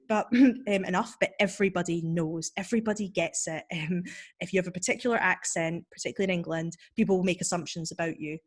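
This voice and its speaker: Scottish woman, guest author, lower register, blunt and confident, casual call. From Scotland. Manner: confident, forthright. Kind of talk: casual conversation on a video call.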